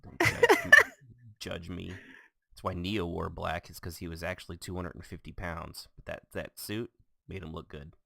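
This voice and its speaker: A man's voice: low-pitched, fairly even intonation, normal speed, creaky, fairly bright tone, no room sound, studio quality. A man hosting a casual podcast, joking and self-mocking as he talks. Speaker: podcast host.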